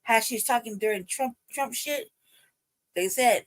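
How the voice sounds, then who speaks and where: A woman hosting a livestream, giving a heated, profane rant that circles back on itself as she tries to calm herself down. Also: fairly high pitch, unhurried. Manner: profane, heated, repetitive ranting; trying to calm herself down between outbursts. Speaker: livestream host. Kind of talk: ranting commentary livestream.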